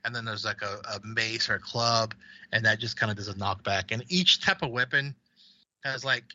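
A man's voice: lowish voice, normal speed, pushed and bright, no echo, highs cut off. A man co-hosting a podcast, chatting casually about video games in a rambling way with restarts. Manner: rambling, with many fillers and restarts. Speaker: podcast co-host.

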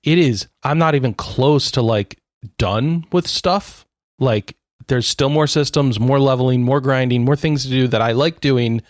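With a mid-range voice and a measured pace, a man co-hosting a podcast talks casually about games. He tends to ramble, cut himself off, and laugh a lot, and the clean studio sound has no echo.

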